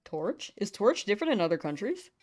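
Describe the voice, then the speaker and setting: A woman's voice: medium pitch, big pitch swings, brisk, darkish tone, faint music behind. A young woman from the United States chatting casually with viewers on a live game stream, giggling often between remarks.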